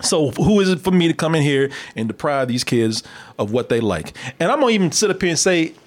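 A man hosting a casual, comedic film review podcast who talks in an animated way, laughs often and swears freely. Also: on the high side, a little fast.

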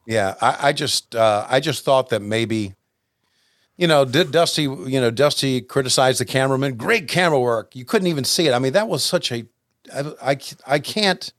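A man co-hosting a podcast, chatting casually in a jokey, rambling, halting way. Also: mid-range voice, fairly bright tone, no echo, studio quality. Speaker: podcast co-host. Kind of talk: casual chat.

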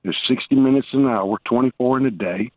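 A mid-range voice comes through a tinny phone line, fast and dry, as a man calls in to a talk show. He rambles, starts sentences over, and jokingly needles the host in casual banter.

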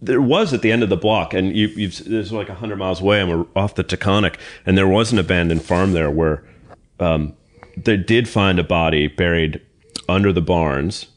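A man's voice: deep voice, normal speed. A man guest on a podcast telling rambling anecdotes, with frequent restarts, in a casual chat. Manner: rambling storyteller with many restarts.

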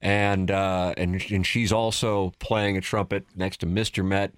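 A man's voice: low voice, flat delivery, measured pace, clean tone, dry recording, clean studio sound. A man hosting a sports radio show, chatting casually and teasing his co-host while reading out listener texts.

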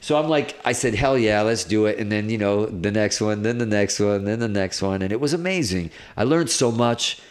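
A middle-aged man, a guest guitarist, telling stories in a casual interview, rambling and animated with lots of "like"s. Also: lowish voice, moderate pace, hardly any pauses. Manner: animated, rambling, filler-heavy with many "like"s.

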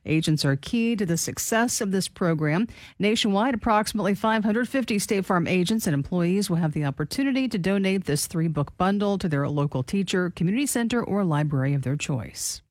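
A woman co-hosting a talk radio show, reading news stories aloud in a steady, even tone. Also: on the low side, a little fast, dry recording.

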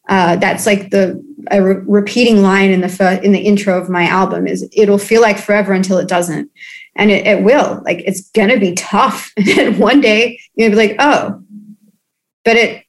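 A woman in her thirties from Australia, a musician guest on a video call, talking candidly and casually with many fillers and restarts. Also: medium pitch. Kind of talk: candid interview chat.

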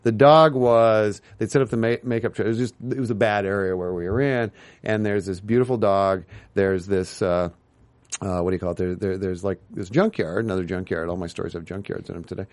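A man's voice: deep voice, steady tone, brisk, darkish tone. A man guest in a casual interview, telling rambling anecdotes full of tangents and acted-out quotes. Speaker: guest, TV writer and producer.

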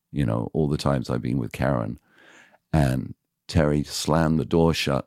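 Man, very deep voice, gravelly, animated storyteller, acts out dialogue, dry close sound. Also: no room sound. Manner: frank, confessional. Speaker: radio DJ, podcast guest. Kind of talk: casual storytelling in interview.

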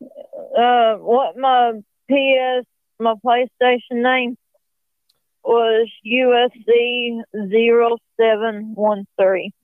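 A woman phoning in to a talk show, speaking slowly in a high voice as she rambles and restarts her sentences. The call comes through a tinny, narrow phone line. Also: flat delivery, smooth, dry recording. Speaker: caller. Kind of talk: casual phone chat.

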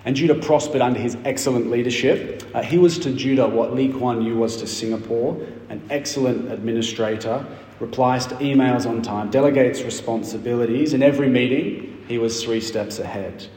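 A man's voice: mid-range voice, mellow. Man preaching in a roomy hall. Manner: expository, emphatic with dramatic pauses. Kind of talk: sermon. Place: church hall. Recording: roomy church hall reverb.

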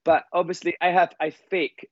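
A man's voice: high voice, level tone, moderate pace, no echo, highs cut off. A man, a singer and performer, telling showbiz anecdotes in casual chat and quoting people in other voices.

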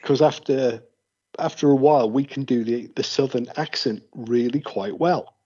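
Heard through a muffled, lo-fi recording, this man from England talks at normal speed in a warm, husky, mid-range voice. It's a casual chat full of jokey, meandering stories, told in an English accent.

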